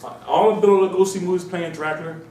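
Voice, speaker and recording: A man from Mauritania giving an informal, animated lecture to a small audience, repeating himself and slipping into mocking voices. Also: high voice, fast, a little hiss or hum. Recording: echoey room, distant mic.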